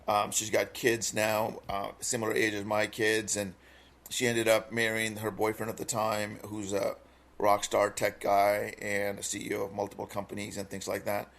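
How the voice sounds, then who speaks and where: Man, low pitch, earnest podcast co-host, rambling personal stories with lots of ums. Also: monotone, normal speed, a bit bright. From Minnesota. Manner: earnest storytelling, many fillers and restarts. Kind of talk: casual podcast chat.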